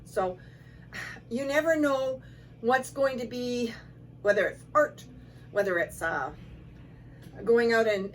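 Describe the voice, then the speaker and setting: A woman, executive director of a shelter, telling stories in a relaxed conversational way, quoting people as she goes. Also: medium pitch. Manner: conversational, relaxed, with fillers and quoted dialogue. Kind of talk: casual storytelling to camera. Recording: distant mic with faint background noise.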